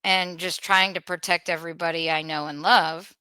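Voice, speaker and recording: A woman's voice: on the low side, fairly even intonation, normal speed, sharp tone, smooth, no room sound. A woman hosting a podcast in casual talk, earnest, with nervous laughs and frequent restarts. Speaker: podcast host.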